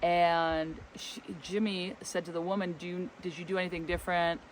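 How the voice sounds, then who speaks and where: A man's voice: sits high, little pitch movement, moderate pace, low-quality recording. A man casually telling a story outdoors as co-host of a travel vlog, rambling along and acting out the dialogue. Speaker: co-host of a spiritual travel channel. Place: outdoors in a forest, windy. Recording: light wind and outdoor background noise.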